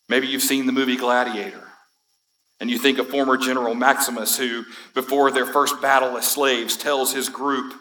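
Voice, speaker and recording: A man's voice: mid-range voice, fairly even intonation, moderate pace, sharp tone, low-quality recording. A man giving a conversational sermon as a pastor, building to emphatic lines. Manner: conversational, quotes movie speeches with rising emphasis. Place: church sanctuary.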